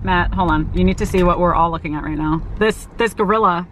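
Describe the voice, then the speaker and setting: A woman filming a giggly, excited travel vlog on her phone outdoors at a roadside attraction. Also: on the low side, fairly quick, slight background noise. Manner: giggly, easily amazed, chatty. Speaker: vlogger. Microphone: phone camera held in hand.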